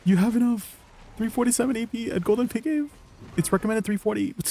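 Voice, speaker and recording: A man's voice: very high voice, quick pace, vocal fry, mellow, slight background noise. A young man streaming a game, answering his viewers in a teasing, incredulous way. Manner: incredulous, teasing replies to chat. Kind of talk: live stream chat with viewers.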